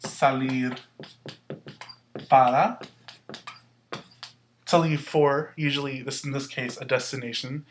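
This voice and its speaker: A man teaching a Spanish lesson, explaining slowly and patiently with some fillers. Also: medium pitch, fairly even intonation, soft background music. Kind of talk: recorded classroom lesson.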